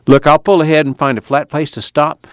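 A man doing a calm practical young man. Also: a little high, fairly quick, smooth, no room sound, voice pushed up, close to an everyday voice. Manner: calm, easy, dry humor. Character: steady young man, practical older brother.

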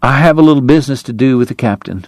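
A man's voice: medium pitch, quick pace, a little mellow, dry recording, natural voice. A man doing a breathless, sickly gambler dentist. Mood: weary, courtly. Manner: breathless, thready, genteel. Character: frail consumptive gambler dentist, middle-aged man.

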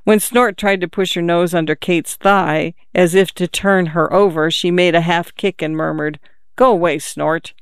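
A narrator reads a novel aloud at a measured, calm pace. The voice is smooth and resonant, sitting at a middle pitch. The recording is dry and close, with no room sound. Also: no echo. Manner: measured, calm storytelling with lifted character voices. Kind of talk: audiobook reading of a novel.

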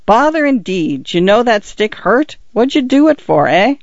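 A man voicing a gruff, irritable male village constable, dropping his aitches. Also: sits high, very animated, moderate pace, no room sound, lo-fi sound, voice pushed up. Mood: irritated.

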